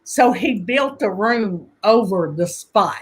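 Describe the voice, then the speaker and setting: A woman telling family stories in a casual conversation, animated and laughing often as she acts out voices. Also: mid-range voice, slow pace, breathy edge. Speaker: guest conjure teacher.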